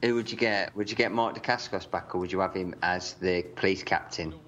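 A man in casual comedic banter, dry and quick with short replies and jokes. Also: low voice, a bit bright, lo-fi sound, slight background noise.

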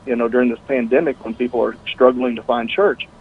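A man as a guest on a faith talk show, speaking in a casual, halting way with many restarts and fillers. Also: medium pitch, steady tone, slight background noise. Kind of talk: casual conversational interview. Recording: tinny phone-like line.

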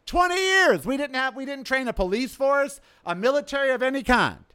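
A man hosting his podcast, delivering a sarcastic, ranting political monologue that swings from loud outbursts to low mutters. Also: fairly quick, clear, resonant tone. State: coughing from smoke in throat. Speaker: podcast host. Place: outdoors.

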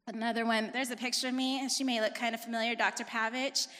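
A woman in her forties giving a personal testimony in church, talking fast and telling her story with animated, emphatic intensity. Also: a little high. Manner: emphatic, rising to forceful intensity. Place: church sanctuary. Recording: long reverb of a large hall.

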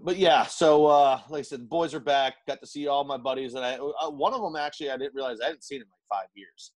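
A man's voice: medium pitch, steady tone, fast, dry recording. A man co-hosting a podcast, telling rambling weekend stories full of fillers and swearing. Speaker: podcast co-host. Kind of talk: casual podcast chat.

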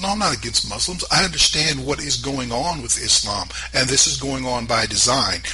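A man's voice: medium pitch, moderate pace, hardly any pauses, sharp tone, slight background noise, poor audio. A man hosting a political commentary show, talking emphatically and firing off sarcastic rhetorical questions. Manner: sarcastic, mocking asides. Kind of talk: opinionated political commentary monologue.

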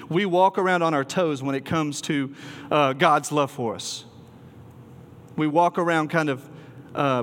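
Earnest preacher in a reverberant hall. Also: male voice, on the high side. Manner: earnest, emphatic, with filler ums and restarts. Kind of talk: sermon.

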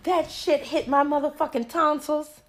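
A young woman co-hosting a casual chat, blunt and profane, chiming in with quick remarks. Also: sits high, steady tone, slight background noise. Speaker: podcast co-host.

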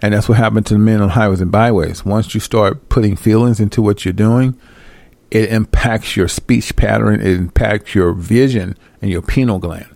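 A man's voice: on the low side, steady tone, normal speed, creaky, a little mellow, dry recording. A man hosting and answering viewer questions, talking in a blunt, profane, streetwise manner. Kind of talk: casual live commentary.

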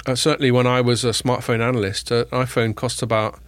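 A man hosting a casual tech podcast, joking with quick asides and plenty of fillers. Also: mid-range voice, level tone, no echo, clean studio sound. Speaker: podcast host.

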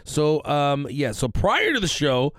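A man's voice: a little high, big pitch swings, measured pace, fairly bright tone, no echo, studio quality. A man co-hosting a podcast, teasing and bantering casually, sometimes trailing off into mumbles. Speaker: podcast co-host.

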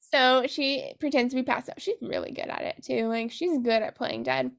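High, gravelly woman recapping a book. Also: measured pace. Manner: sarcastic, profane, giggly. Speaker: book podcast host. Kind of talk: casual chat, retelling a novel.

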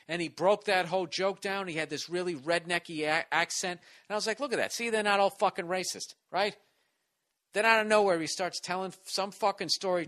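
A male stand-up comedian tells a story casually and profanely, with lots of restarts. His voice sits a bit high and sounds bright and forceful. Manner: rambling, swears a lot, restarts sentences.

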